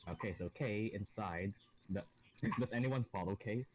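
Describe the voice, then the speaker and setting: A deep-voiced man narrates a tabletop game as dungeon master. He rambles, restarts his sentences and corrects himself while a faint hiss of noise sits under his voice. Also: moderate pace, rough recording. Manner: rambling, self-correcting, often laughing.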